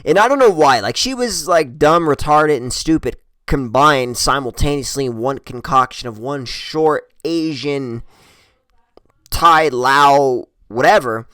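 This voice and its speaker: A man's voice: medium pitch, unhurried, pushed and bright, no echo, studio quality. A man telling a wild personal story in casual, rambling style, swearing constantly and chuckling at himself.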